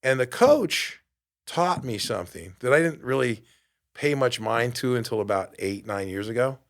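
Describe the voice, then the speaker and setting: A man in his late fifties hosts his podcast from a studio, talking like a motivational coach. His voice sits at an ordinary middle pitch. He pushes hard on key words and then drops to a hushed, earnest tone. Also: normal speed. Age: 50s. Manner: energetic, emphatic, swings from loud to quiet. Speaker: podcast host and fitness coach. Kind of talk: motivational talk.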